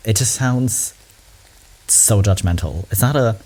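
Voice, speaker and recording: Brief: low, warm male host, loose and chatty reaction commentary, filler-heavy. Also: normal speed.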